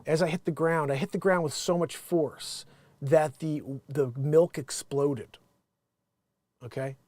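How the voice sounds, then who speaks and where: A man from New Jersey hosting a show, chatting casually and rambling with many restarts and lively swings. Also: on the high side, a little slow, dry recording. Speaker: show host. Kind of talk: casual commentary.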